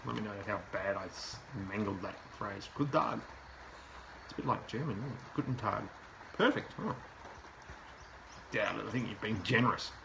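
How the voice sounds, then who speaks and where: A man's voice: fairly low pitch, moderate pace, vocal fry, highs cut off, background noise. A man hosting a live show, reviewing a website aloud and giving plain, direct advice. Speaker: SEO consultant host. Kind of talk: live website review, talking while browsing.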